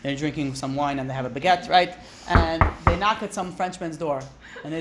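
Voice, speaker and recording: A man's voice: fairly high pitch, brisk, a bit bright, a little hiss or hum. Chatty joking rabbi, a man. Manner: chatty, joking, peppered with "right?" and "you know". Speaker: rabbi teaching a class. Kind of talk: informal Torah class.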